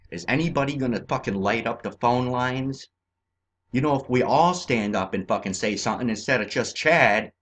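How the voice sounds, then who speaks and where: A man from California ranting in a profane, agitated way over on-screen maps, swinging between shouting and muttering. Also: on the low side. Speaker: vlogger.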